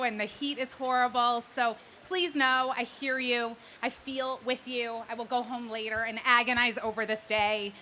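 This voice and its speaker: A woman with a high voice speaks from a podium at an outdoor charity event. Her tone is bright and sharp. She talks earnestly and stops for asides and thanks. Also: slight background noise. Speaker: president and CEO of the organization. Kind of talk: prepared speech at a charity event.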